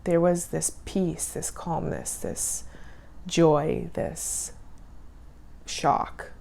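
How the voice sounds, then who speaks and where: A woman in her thirties recounts her own life story for a vlog in a low, dark voice with vocal fry, speaking very slowly and flatly. She retells it with emotion and acts out the dialogue.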